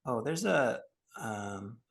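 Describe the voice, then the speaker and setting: A man's voice: medium pitch, lively intonation, slow, vocal fry, a bit bright. Easygoing man hosting a podcast. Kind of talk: casual chat.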